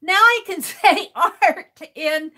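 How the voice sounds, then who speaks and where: Working on a live stream, this middle-aged artist laughs frequently and sounds out chat messages one letter at a time. She speaks slowly, in a very high voice with a sharp tone.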